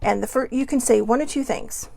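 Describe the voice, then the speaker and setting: A woman's voice: a little high, brisk, gravelly, mellow. A woman hosting her own show, talking casually about emotions, chatty and self-deprecating, full of rhetorical questions. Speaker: host. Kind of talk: casual motivational talk.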